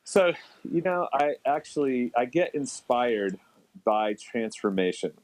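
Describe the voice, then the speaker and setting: Animated middle-aged man, lively guest. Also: no room sound, low-quality recording. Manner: animated, quick, jumps up in pitch when excited. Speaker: podcast guest. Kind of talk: casual interview chat.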